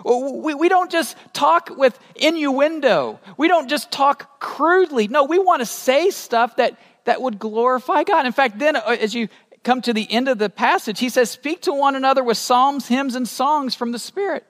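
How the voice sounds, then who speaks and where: High-voiced pastor preaching in a reverberant hall. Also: male voice, moderate pace. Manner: animated, rising to emphatic high peaks; asks the congregation questions. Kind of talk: sermon.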